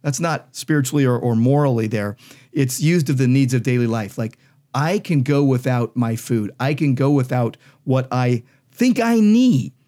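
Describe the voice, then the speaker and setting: A man's voice: mid-range voice, animated, moderate pace, mellow. A man, a pastor and podcast co-host, explaining Bible verses in an emphatic, conversational teaching style. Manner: emphatic, explanatory, reads scripture aloud.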